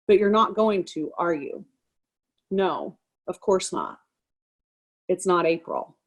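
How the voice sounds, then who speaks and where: A woman reading a stage monologue cold, voicing a wife who jokes through the pain of a divorce she refuses. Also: fairly low pitch. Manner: sarcastic, forced laughter over pain.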